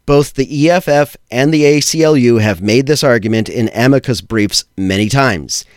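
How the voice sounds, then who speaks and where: A man hosting a podcast, giving blunt, opinionated commentary with a sardonic edge. He swears for emphasis and slows down to hit the key phrases. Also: mid-range voice, clear, resonant tone, no echo, clean studio sound. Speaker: podcast host. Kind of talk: opinionated tech and law commentary.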